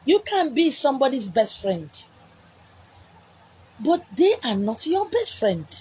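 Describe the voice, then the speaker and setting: A woman's voice: sits high, very animated, unhurried, a little mellow, a little hiss or hum, poor audio. A woman with a Nigerian accent delivering a spiritual message, repeating herself emphatically and scolding with rhetorical questions. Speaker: spiritual messenger. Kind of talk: preached message to viewers.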